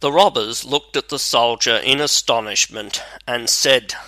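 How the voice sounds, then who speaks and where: A man narrating a fairy tale in a measured, even reading. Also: mid-range voice, no room sound. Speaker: storyteller.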